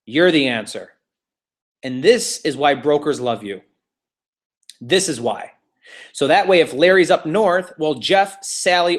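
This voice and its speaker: Casual male real estate instructor, chatty and repetitive, voice on the higher side. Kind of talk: classroom lecture with storytelling.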